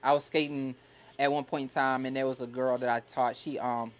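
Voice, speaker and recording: A man who used to teach, co-hosting a podcast and telling a story in a casual, animated and heartfelt way. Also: medium pitch, a little fast, clear, resonant tone. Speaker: podcast co-host, former teacher.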